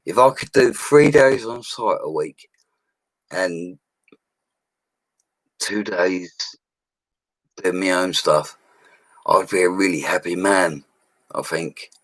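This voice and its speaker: Drunk, deep-voiced bloke. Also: male voice, takes it slowly, pauses often, dry recording. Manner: rambling, loud and laddish, laughing often. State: drunk, slurring. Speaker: bricklayer streaming to viewers. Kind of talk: drunk casual live-stream chat. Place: small room at home, alone. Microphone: laptop microphone.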